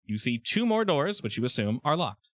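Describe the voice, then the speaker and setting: Lively, bright-voiced male game master. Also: mid-range voice, moderate pace, no room sound, clean studio sound. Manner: chatty, laughing, stumbling restarts. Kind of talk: running a tabletop game on stream. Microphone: home mic on a voice call.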